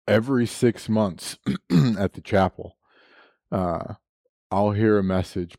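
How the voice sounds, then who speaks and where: A man's voice: low voice, mellow, no room sound. A man preaching a sermon, telling a personal story with frequent laughs and moments of emotion.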